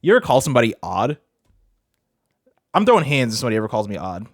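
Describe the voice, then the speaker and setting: A man's voice: mid-range voice, very animated, quick pace, long pauses, dry recording. Man musing aloud on a dry stream mic. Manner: thinking aloud, trailing off mid-sentence. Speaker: streamer writing rap lyrics. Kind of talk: casual livestream chat.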